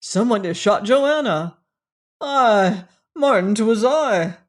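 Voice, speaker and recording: A woman reader voicing a rough, distraught old seaman who breaks into anguished outbursts. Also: mid-range voice, expressive, takes it slowly, voice pushed up. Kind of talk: audiobook character reading.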